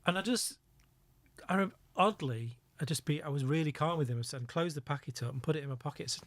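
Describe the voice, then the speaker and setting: A man's voice: on the high side, fast, dry recording. A middle-aged man, a former undercover police officer, telling vivid anecdotes as a podcast guest and laughing at his own stories. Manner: lively anecdotal storytelling, laughs at own story. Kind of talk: storytelling in a podcast interview.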